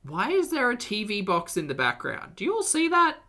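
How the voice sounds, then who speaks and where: A reaction host talks over video clips with dry, sarcastic asides. The voice is bright and a little sharp, and the pitch leaps high whenever exasperation takes over. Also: huge pitch swings, fairly quick.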